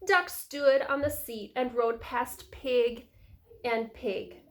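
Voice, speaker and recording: A woman who is a preschool teacher, reading a picture book aloud to young children in a slow, sing-song storytelling voice. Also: on the high side, fairly even intonation, slight background noise.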